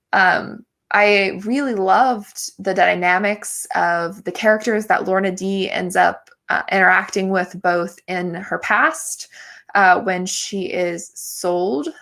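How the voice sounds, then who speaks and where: A woman's voice: mid-range voice, vocal fry, a bit bright. A young adult woman hosting a podcast, chatting casually and enthusiastically in a review, with lots of filler words. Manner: gushing, enthusiastic, many fillers. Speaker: podcast host.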